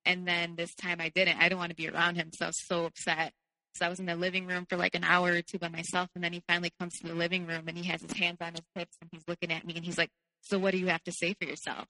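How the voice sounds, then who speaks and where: A woman's voice: lowish voice, completely flat delivery, racing, sharp tone, long reverb tail, low-quality recording. A woman guest telling her personal story candidly, peppering her speech with "like". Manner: candid, heavy use of "like". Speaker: podcast guest.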